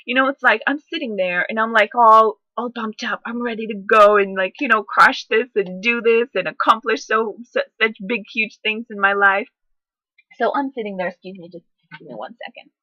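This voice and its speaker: A woman's voice: on the high side, moderate pace, no room sound, rough recording. Fervent woman giving a motivational talk. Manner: energetic, fervent, repeats herself. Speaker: home business vlogger.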